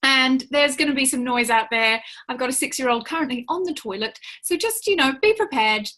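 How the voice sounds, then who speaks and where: A woman hosting a live spiritual webinar from home, greeting viewers warmly by name. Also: high-pitched, expressive, brisk. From Australia. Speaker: webinar host, spiritual teacher. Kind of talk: live online webinar talk.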